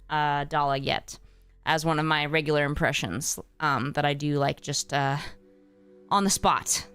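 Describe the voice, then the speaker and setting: A woman hosts her live stream in a loose, casual chat, often pausing, restarting and filling gaps with "um". Her voice is smooth and clear, at a middle pitch for a woman, with soft music playing faintly behind her. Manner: scattered and hesitant, many fillers and restarts. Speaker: streamer hosting her channel.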